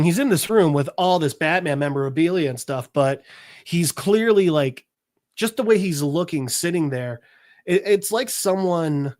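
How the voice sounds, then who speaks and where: A man's voice: fairly high pitch, no room sound, studio quality. A man hosting a podcast, recapping a comic book in a rambling, casual way. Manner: rambling, filler-heavy storytelling. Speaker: podcast host.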